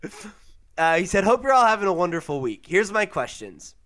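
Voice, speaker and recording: A young man hosting a casual podcast, laid-back and quick to laugh, with lots of fillers. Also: high-pitched, big pitch swings, crowd noise. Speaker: podcast host.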